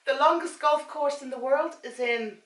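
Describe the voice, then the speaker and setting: A woman's voice: high-pitched, moderate pace, fairly bright tone. An Irish woman hosting her own vlog, chatting casually and a little scatterbrained while reading snack labels aloud. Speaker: vlogger and mother. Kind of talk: casual snack-tasting chat. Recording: echoey room, camera set far off.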